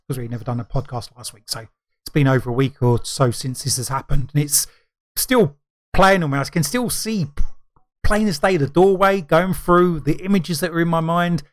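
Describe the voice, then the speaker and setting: A middle-aged man in casual chat as a podcast co-host, talking in a rambling, halting way full of fillers and restarts. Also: on the high side.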